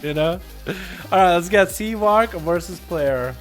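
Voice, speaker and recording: An American man with a high, bright voice calls game duels live, quick and excitable, then drifts into loose banter with his viewers. Faint music plays under his voice throughout the stream. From United States. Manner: energetic, chatty, jokey with viewers. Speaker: streamer and duel host. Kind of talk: live game commentary and chat.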